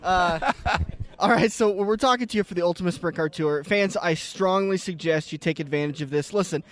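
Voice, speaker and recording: A man's voice: high-pitched, brisk. A man from the American Midwest hosting a racing radio show, joking with a guest and plugging an event. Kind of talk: casual interview chat.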